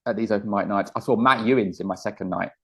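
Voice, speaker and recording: A man, a comedian guest telling stories in a casual interview, animated and laughing often. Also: on the low side, fast, vocal fry, husky. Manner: animated storyteller, laughs often, acts out quotes.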